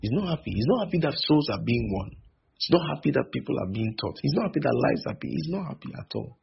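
A male preacher, repeating phrases for emphasis and slowing on key lines. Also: medium pitch, big pitch swings. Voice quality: gravelly and very husky. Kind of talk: sermon. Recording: dull lo-fi recording.

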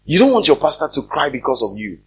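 Male pastor, husky, animated preacher; muffled lo-fi sermon recording. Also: fairly high pitch, fast talker. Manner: animated, rising to loud emphatic peaks; speaks directly to the congregation with questions. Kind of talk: preaching a sermon with scripture reading.

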